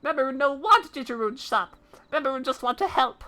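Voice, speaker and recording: A woman's voice: sits high, lively intonation, brisk, bright, forceful tone, voice pushed up. A woman voicing a small, anxious merchant who speaks broken English and refers to himself in the third person. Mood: earnest.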